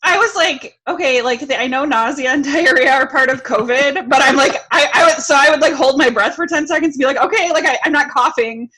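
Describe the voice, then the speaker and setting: A bright-voiced woman chatting as a podcast guest, animated and full of fillers, slipping into quick mocking impressions. Her voice sits a little high and rings clear and sharp. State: recovering from illness. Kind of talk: casual chat.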